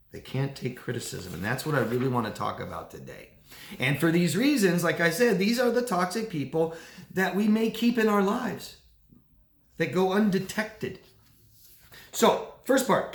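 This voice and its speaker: A man, a coach, talking casually to camera with animated delivery, often repeating words. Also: a little high. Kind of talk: casual talking-head video. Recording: echoey room.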